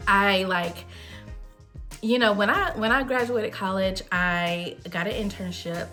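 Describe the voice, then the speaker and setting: A woman's voice: medium pitch, unhurried, sharp tone, faint music behind. A woman in her thirties, host of a wine show, telling a personal story in a chatty, candid way. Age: 30s. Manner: chatty, candid, with frequent fillers.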